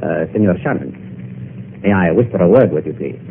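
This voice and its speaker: A smug detective with a Spanish accent who lowers his voice to slip in silky, veiled threats. The voice sits low but moves a lot, heard through a thin, phone-like old radio broadcast. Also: lively intonation, brisk, vocal fry, a little hiss or hum. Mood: sly. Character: sly male police detective, smug and menacing. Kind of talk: 1950s radio drama acting.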